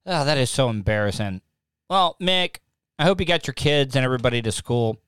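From a home studio lit with lamps, a man hosts a casual live podcast, talking into a desk mic hooked to a mixing board. His mid-range voice is animated, brisk, a bit bright, clear, and resonant, with no room sound. He rambles, is self-deprecating, and repeats himself a lot.

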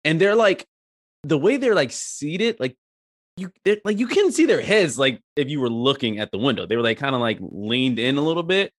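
A man telling a story as a podcast co-host, animated and rambling with lots of fillers and swearing. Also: mid-range voice, normal speed, no room sound, studio quality. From Eritrea. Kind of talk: casual storytelling chat.

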